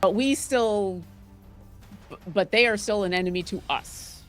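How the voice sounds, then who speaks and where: A woman's voice: medium pitch, measured pace, soft background music. A woman playing a tabletop game, describing her character's actions in a rambling way with restarts. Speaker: player.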